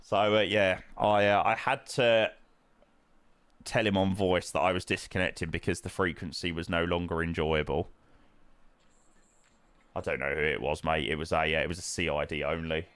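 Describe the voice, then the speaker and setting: A man's voice: deep voice, fairly even intonation, normal speed, fairly bright tone, clean tone, dry recording. A young man streaming a flight sim, chatting casually with viewers in matey banter full of fillers. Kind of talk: casual live-stream chat, answering viewers.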